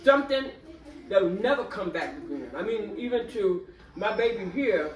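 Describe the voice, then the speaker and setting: A woman's voice: mid-range voice, expressive, normal speed. An older woman in a candid group discussion who tells stories expressively and laughs often. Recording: roomy, distant mic.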